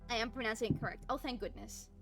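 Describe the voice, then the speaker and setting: A young woman chatting with stream viewers while drawing, an animated storyteller who laughs often and pokes fun at herself. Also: on the high side, quick pace, soft background music. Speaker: art streamer. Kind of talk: casual chat with stream viewers.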